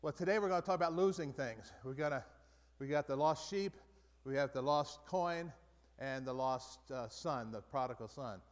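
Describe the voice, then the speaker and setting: A man leading a Bible study group in a relaxed, conversational way, often restarting and repeating phrases. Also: medium pitch, moderate pace, hardly any pauses. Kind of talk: casual Bible study teaching. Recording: long reverb from a large room.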